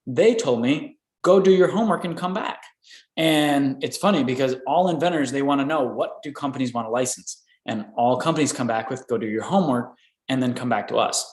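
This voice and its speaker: An energetic man coaches inventors through licensing negotiations, checking in with the listener by tagging "right?" onto his points. His voice sits at an ordinary middle pitch. The room around him rings with a noticeable echo. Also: a little fast. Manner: energetic, repeats "right?" often. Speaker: licensing expert answering inventor questions. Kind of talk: live Q&A coaching.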